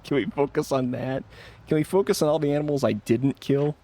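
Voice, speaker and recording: A man's voice: on the high side, a little fast, dark tone. A man giving casual live commentary while playing a game, joking and laughing often. He banters defensively with his chat. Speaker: streamer.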